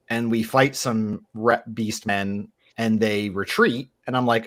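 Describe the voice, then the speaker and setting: A man in a tabletop game group telling a story about an earlier game in casual chat, animated, laughing, swearing and acting out what people said. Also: medium pitch, unhurried.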